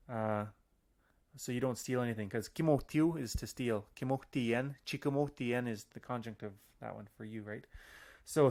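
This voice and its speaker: A man teaching an audio language lesson in a loose, chatty way, with many fillers and restarts, slowing down to spell out example phrases. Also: medium pitch, darkish tone.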